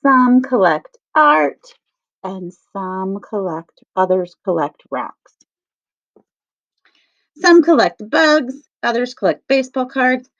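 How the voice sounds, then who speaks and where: A woman teacher reading a picture book aloud to children, stressing each word slowly in a sing-song way. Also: a little high, very animated, a bit bright. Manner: slow, sing-song emphasis on words. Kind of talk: read-aloud lesson for children. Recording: dull lo-fi sound.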